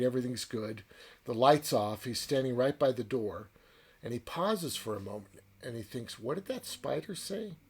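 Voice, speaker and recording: A man's voice: mid-range voice, breathy edge. A man casually retelling a short story's plot as a book reviewer, in a loose, chatty way. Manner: loose, chatty retelling with fillers like "right?" and "kinda".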